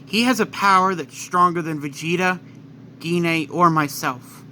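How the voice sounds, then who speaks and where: Resolute grieving wife with a firm, pleading delivery and a raised, bright voice, as a man puts her on. Fan story reading. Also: fairly high pitch, moderate pace, slight background noise. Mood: determined. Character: determined young wife, grieving but resolute.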